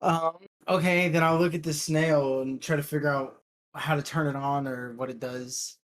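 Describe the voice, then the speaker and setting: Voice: mid-range voice, fairly even intonation, normal speed. A player in a tabletop game reacting casually, often laughing and stumbling over words.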